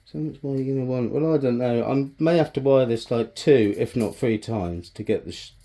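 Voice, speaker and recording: A man's voice: mid-range voice, moderate pace, warm tone. A man vlogging as he works on a bonsai, chatting casually, bantering with himself and swearing freely. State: out of breath. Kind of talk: casual self-talk while working.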